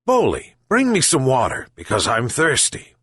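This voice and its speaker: A kind old fisherman from a storybook calls out and pleads with his pets in a raised, somewhat husky voice, voiced by a man. His lines swing high with feeling. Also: wildly swooping pitch, normal speed, a bit bright, no room sound, studio quality, exaggerated voice. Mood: calling. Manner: calling out, pleading.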